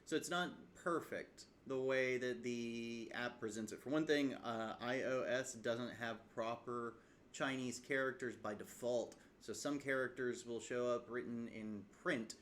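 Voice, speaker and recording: A man's voice: medium pitch, a little hiss or hum. A man casually walking through a self-taught language study routine, rambling a little with frequent fillers and sounding out tones as examples. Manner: relaxed, rambling, many uh fillers, demonstrates tones aloud. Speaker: language learner vlogger. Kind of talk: casual screen-share tutorial. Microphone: webcam setup.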